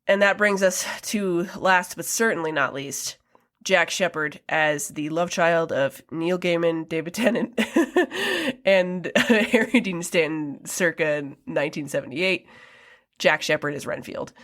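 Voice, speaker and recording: A woman's voice: on the low side, unhurried, a bit bright. A young adult woman co-hosting a casual film review podcast, chatty, laughing often, with many ums and likes. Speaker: podcast co-host.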